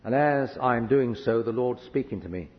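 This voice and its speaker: A visiting preacher from a hot country tells a personal story in his sermon, earnest and vivid, at medium pitch and normal speed. The church hall recording is echoey, with a dull lo-fi sound.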